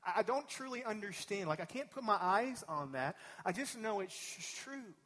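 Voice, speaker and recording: A man delivers a sermon to his congregation in a church sanctuary. He preaches in a relaxed, conversational way, drifting into personal asides. His voice sits a little on the high side for a man. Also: moderate pace. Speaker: pastor.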